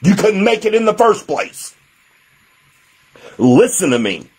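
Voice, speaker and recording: A man's voice: high voice, big pitch swings, unhurried, husky. A man preaching a sermon as pastor, emphatic, with a repetitive preaching cadence. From United States.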